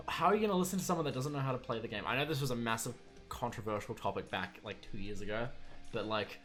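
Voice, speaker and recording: A young man of about twenty, speaking at an ordinary middle pitch, rants casually through his list of annoyances. His tone is sarcastic and exasperated, and soft music plays faintly behind him. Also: fast. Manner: sarcastic, exasperated, chuckling asides. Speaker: streamer and video maker. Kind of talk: casual ranting vlog.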